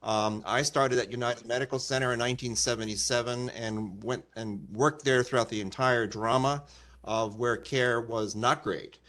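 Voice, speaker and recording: A man's voice: mid-range voice, fairly even intonation, moderate pace, a bit bright. A man in his sixties, a chief medical officer, introduces himself to a task force. He speaks with passion and earnestness in a mid-range voice. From Washington, D.C. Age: 60s.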